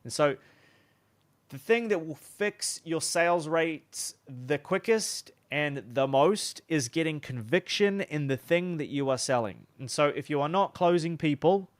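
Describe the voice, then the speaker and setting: A man's voice: on the high side, lively intonation, a little slow, dry recording. A young man teaching sales in a loose, chatty way, often restarting his sentences. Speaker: sales coach. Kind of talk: casual teaching talk.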